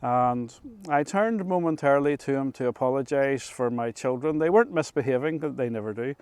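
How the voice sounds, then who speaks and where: A middle-aged man with a Northern Irish accent telling a story to camera in an unhurried, chatty way, often restarting his phrases. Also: medium pitch, a little mellow, clear, resonant tone, dry recording. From Northern Ireland. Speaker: vlogger. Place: rooftop of an old control tower, outdoors.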